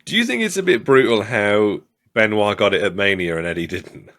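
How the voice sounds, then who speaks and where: Excitable low-voiced man. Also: brisk. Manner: excitable, swears a lot, laughs often. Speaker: podcast co-host. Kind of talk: casual chat.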